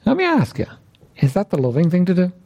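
A man's voice: high-pitched, huge pitch swings, quick pace, vocal fry, dark tone. A man preaching an interactive sermon, repeatedly questioning his listeners with emphasis.

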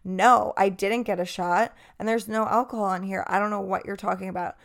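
A woman's voice: mid-range voice, fairly even intonation, brisk, gravelly, close to an everyday voice. A woman voicing an entitled young customer who insists and complains in a whiny tone. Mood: indignant.

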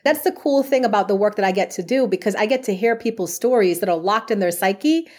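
A woman talks as a guest on a podcast, her voice sitting at an ordinary middle pitch. She tells her stories in an earnest, chatty way, sprinkling in casual fillers as she goes. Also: brisk, a little mellow. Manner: earnest storytelling with frequent "like" fillers. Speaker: podcast guest, medium and past life regression therapist. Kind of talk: conversational interview answers.

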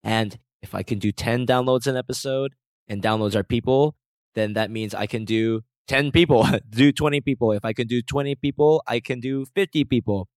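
A man's voice: medium pitch, moderate pace, a little mellow, no room sound. A man hosting a solo podcast, joking at his own expense, then turning earnest. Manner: self-mocking, playful and earnest in turns. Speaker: podcast host. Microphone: close podcast mic.

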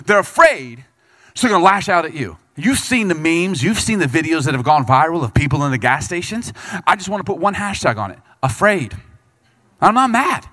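A man preaching a sermon, reading scripture and breaking into quick acted asides as the people he talks about. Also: fairly high pitch. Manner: animated preaching, voices Bible figures and people in quick asides. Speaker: pastor.

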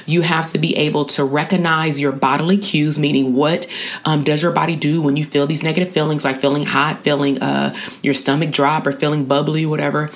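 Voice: medium pitch, little pitch movement, a little fast. Casual teacher vibe, talks slangy and loose, keeps checking in with "right?". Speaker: educator teaching coping skills. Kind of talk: casual spoken lesson. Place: at a college.

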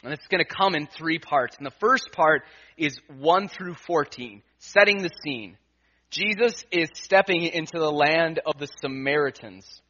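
A man preaching a sermon, telling a personal story and acting out his own thoughts, swinging between hushed asides and emphatic lines. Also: fairly high pitch, animated, a little slow. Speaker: pastor. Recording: dull lo-fi sound.

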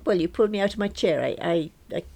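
Woman doing a welsh teen boy, bit cheeky bit sheepish, low voice but bouncy. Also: animated, fast talker, creaky, mellow. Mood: defensive. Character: teenage Welsh son, cheeky but shy.

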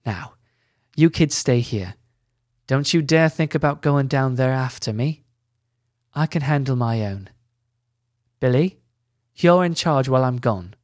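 A man's voice: mid-range voice, lively intonation, a little slow, pauses often, no echo, natural voice. Storybook elf general, male, bossy and boisterous, barking orders in a dry, close sound, as a man reads him. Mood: resolute. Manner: commanding, teasing.

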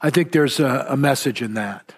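With a husky, medium-pitched voice and an even, moderate pace, a male pastor gives a laid-back sermon full of personal anecdotes. He rambles, teases himself gently, and keeps restarting sentences and dropping in fillers.

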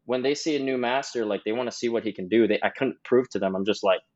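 A young man in his twenties, a podcast guest, telling a long story in loose, rambling chat full of fillers. His voice sits at an ordinary middle pitch. The recording sounds slightly dull and lo-fi. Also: fast, a little mellow. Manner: rambling, heavy on "like".

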